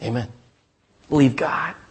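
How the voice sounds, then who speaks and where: A man's voice: medium pitch, a little slow, slightly rough. A middle-aged male pastor preaching a sermon, telling stories and calling out "Amen?" to his congregation. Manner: calls out "Amen?" to the congregation, lively storytelling with restarts.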